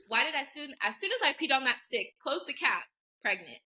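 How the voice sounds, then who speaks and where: A woman in her twenties, a podcast guest telling a personal story in a casual, animated way, saying "like" a lot. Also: high-pitched, brisk, slight background noise, poor audio. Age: 20s. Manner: animated, heavy use of "like", acts out quoted voices.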